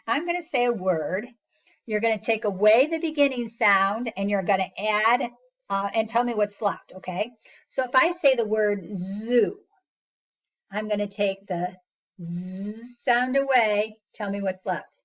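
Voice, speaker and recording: Patient woman teacher leading a slow phonics lesson for kids, slightly dull recording. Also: mid-range voice. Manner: slow, patient, sounds out words and praises often. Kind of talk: phonics lesson for young children.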